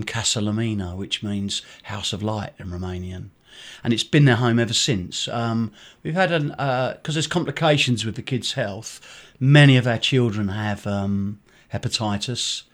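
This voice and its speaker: A man's voice: on the low side, a bit bright. A middle-aged man, a charity director, telling a story in an interview in a rambling way with many fillers and restarts. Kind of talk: conversational storytelling.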